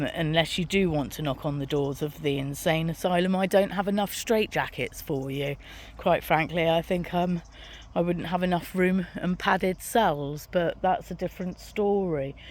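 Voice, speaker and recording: A woman's voice: low voice, a little mellow. A middle-aged woman, talking frankly and casually to camera while walking outdoors on her farm, swearing now and then and laughing at her own jokes. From Britain. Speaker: author and vlog host. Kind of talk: casual walking vlog monologue.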